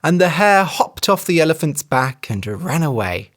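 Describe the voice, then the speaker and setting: Expressive storyteller reading to English learners. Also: mid-range voice, normal speed. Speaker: English teacher.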